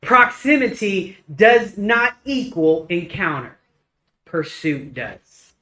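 A man preaching a casual, conversational sermon, telling stories with lively acted-out dialogue. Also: sits high, takes it slowly, low-quality recording. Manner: animated storytelling, acts out dialogue.

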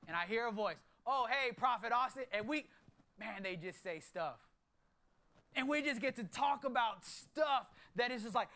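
A man in his thirties preaching a sermon to his church, moving from hushed, earnest low tones to excited bursts. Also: unhurried. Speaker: pastor.

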